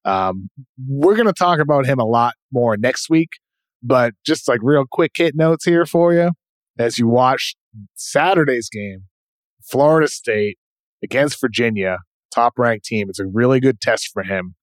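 A man with a New England accent hosting a basketball podcast, giving quick, informal rundowns of players. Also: mid-range voice, animated, dry recording. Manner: brisk, informal, rundown style. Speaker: podcast host. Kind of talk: casual basketball chat.

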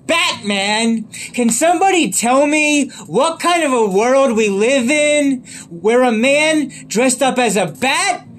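A man's voice: extremely high pitch, expressive, slow pace, hardly any pauses, a bit bright, pitched above the performer's own voice, exaggerated voice. A man doing an impression of a madcap male clown villain from a film, with a showy, mocking, sing-song delivery.

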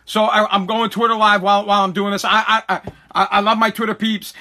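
A man's voice: sits high, flat delivery, quick pace, pushed and bright. A man hosting his own podcast, ranting angrily with stammering restarts and repeated complaints. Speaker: podcast host. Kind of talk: angry live-streamed podcast rant.

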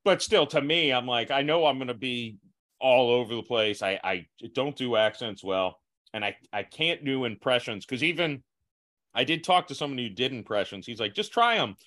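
A man's voice: medium pitch, moderate pace, fairly bright tone. Self-mocking male podcast host. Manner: restless, many restarts and self-mocking asides. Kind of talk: casual chat.

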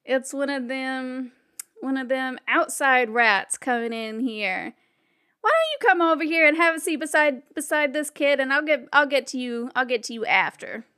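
A woman's voice: high voice, animated, normal speed, pushed and bright, smooth. A woman voicing a cruel gunman who taunts and mocks in a tabletop western game. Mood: mocking. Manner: mocking, taunting. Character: cruel sneering gunman in a saloon.

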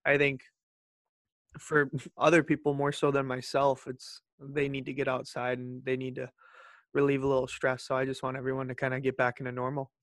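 A man's voice: mid-range voice, completely flat delivery, normal speed, fairly bright tone, no echo, clean studio sound. A man co-hosting a podcast in casual chat, joking and teasing his friend. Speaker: podcast co-host.

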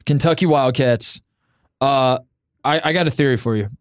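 A man co-hosting a casual sports podcast, telling stories in an animated way and laughing often. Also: medium pitch, moderate pace, clean tone, no echo, studio quality. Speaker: podcast co-host.

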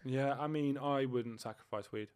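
A man's voice: medium pitch, moderate pace, darkish tone. A young man, co-hosting a casual couple's podcast, joking crudely and trailing off mid-sentence. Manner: crude, joking, mumbles and restarts. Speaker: podcast co-host.

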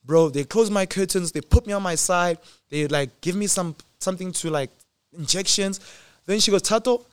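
A man in his twenties telling a personal story in a casual, slangy way, swinging between loud excitement and quiet reflection. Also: high voice, moderate pace, smooth, no room sound. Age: 20s.

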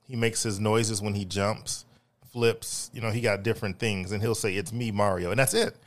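A man co-hosting a podcast, easygoing and quick to laugh in casual chat. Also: on the low side, fairly even intonation. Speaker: podcast co-host.

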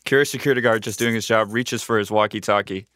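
A man's voice: lowish voice, steady tone, fast, fairly bright tone, no room sound, clean studio sound. Guy narrating a comedy movie parody, playful, laughs a lot. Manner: playful, laughing often, mock-dramatic.

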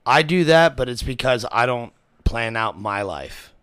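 Bright-voiced man, lively cussing storyteller. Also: medium pitch, a little slow, clear, resonant tone, dry recording, clean studio sound. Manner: animated storyteller, swears freely, acts out both sides of a quarrel. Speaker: podcast co-host. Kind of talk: casual chat.

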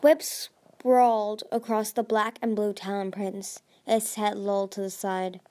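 A woman's voice: mid-range voice, little pitch movement, a little slow, warm tone. A woman reading a dragon fantasy novel aloud as an amateur narrator, with frequent slips and restarts.

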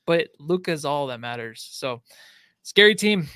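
An easygoing man co-hosts a casual sports talk show and laughs often. His voice sits fairly high for a man, and the recording is dry and close. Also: expressive, moderate pace, pushed and bright, no echo. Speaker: podcast co-host.

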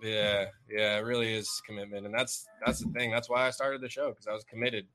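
Bright-voiced rambling podcast co-host man. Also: on the low side, level tone, brisk. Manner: rambling, laughs often, heavy filler words. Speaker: comedy show producer and co-host. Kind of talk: casual podcast chat.

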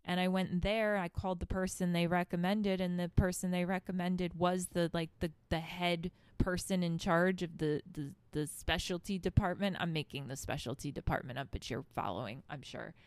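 A woman's voice: fairly low pitch, steady tone, moderate pace, few pauses, clean tone, no room sound. Blunt, profane woman podcaster. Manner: blunt, profane and chatty with laughing asides. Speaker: podcast host. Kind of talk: casual storytelling monologue. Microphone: handheld microphone held close.

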